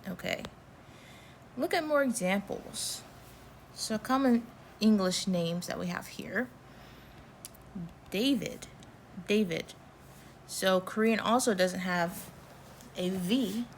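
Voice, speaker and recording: American woman, language teacher; unhurried, patient delivery, mid pitch, light background noise. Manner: slow, patient explaining with repeated example words. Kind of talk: online language lesson.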